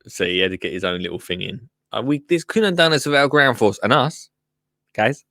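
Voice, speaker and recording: A man's voice: mid-range voice, sing-song, a little fast, noisy background. A man hosting a podcast, casually commenting on a TV show with teasing, joking asides. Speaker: podcast host.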